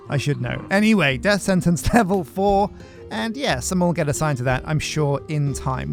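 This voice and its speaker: Casual gameplay host: man, fairly high voice, joking and rambling, faint music underneath. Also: gravelly. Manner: joking, rambling, self-mocking. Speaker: gaming channel host.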